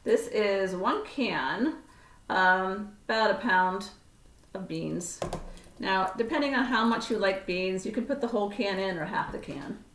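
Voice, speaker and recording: A woman's voice: medium pitch, a little slow, fairly bright tone, slight background noise. Chatty woman demonstrating a recipe. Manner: chatty, self-correcting, talks to herself as she cooks. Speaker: cooking instructor. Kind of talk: casual cooking demonstration. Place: home kitchen. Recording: roomy kitchen sound from a distant camera mic.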